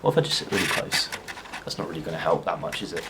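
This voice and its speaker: A man's voice: deep voice, expressive, racing, very noisy. A young man chatting casually to a camera on a tripod, rambling and laughing often. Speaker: vlogger.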